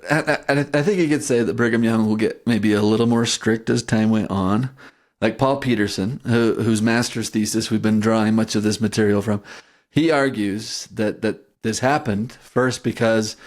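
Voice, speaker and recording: A man co-hosting a history podcast, talking through church history in a relaxed, conversational way and often checking in with "right?". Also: on the low side, normal speed. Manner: thoughtful, frequent restarts and "right?" checks. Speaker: podcast co-host. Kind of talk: casual history discussion.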